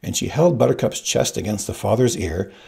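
A man reads a story aloud in a gravelly, husky voice. His tone is dark and mellow, and his pitch moves freely as he voices each character. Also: expressive, brisk. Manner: reads all characters with shifting pitch, quiet narration tags. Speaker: audiobook reader. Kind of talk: scripted narration.

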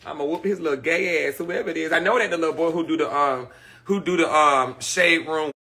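A man's voice: a little high, fairly quick, gravelly, pushed and bright. A man hosting a live stream, chatting casually with viewers in a brash, profane, gossipy way while he vents his frustrations. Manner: frustrated, ranting. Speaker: livestream host. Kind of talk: casual livestream chat. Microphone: phone or webcam on a live stream.

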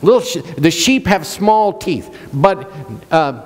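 Man preaching, high voice, playful, call-and-response, reverberant church hall. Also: expressive, slow. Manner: playful, jokes and laughs. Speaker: pastor. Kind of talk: sermon.

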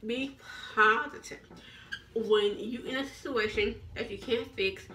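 A woman speaks to her viewers in a motivational vlog, encouraging and preachy, and she repeats herself and restarts her sentences often. Her voice sits on the high side. She sounds a little distant from the microphone. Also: measured pace, fairly bright tone. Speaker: vlogger. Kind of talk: motivational talk to camera.

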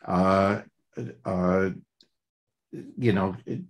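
An older man leading a group text study, talking haltingly with many fillers and restarts. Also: low-pitched, steady tone.

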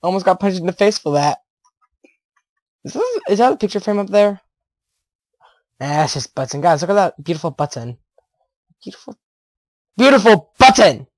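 A teenage boy chatters through his gameplay in a rambling, excitable way, breaking into giggles and sudden yelps. His voice sits high for a young man. He speaks into a headset mic, and the sound is close and dry with no room echo. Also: a little fast, long pauses. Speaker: gaming YouTuber. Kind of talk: casual gameplay commentary.

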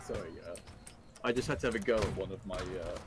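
A man's voice: sits low, fast, very noisy. A British man bantering jokily while playing a game, hamming up his own accent. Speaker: fellow player. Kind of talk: casual gaming banter.

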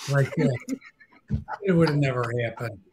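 A man's voice: mid-range voice, lively intonation, measured pace, darkish tone, a little hiss or hum. A man casually telling blunt, profane stories about his old barbershop, laughing at his own punchlines. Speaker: guest storyteller. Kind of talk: casual storytelling.

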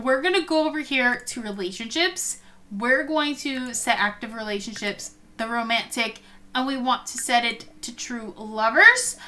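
A young woman chats through her game play in a high-pitched voice. Her tone is bright and crisp, and she reacts to everything with gasps and laughter. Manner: excitable, frequent gasps and laughs. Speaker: gaming video host. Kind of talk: casual let's-play commentary.

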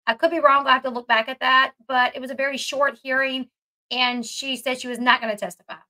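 A woman's voice: high-pitched, steady tone, a little fast, pushed and bright, rough recording. A woman hosting a true crime commentary video, chatting casually and rambling with fillers.

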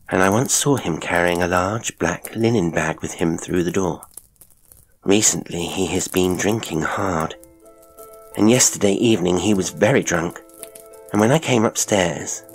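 Male narrator, deep and gravelly, measured and grave delivery. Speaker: audiobook narrator. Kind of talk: scripted narration of a Victorian story.

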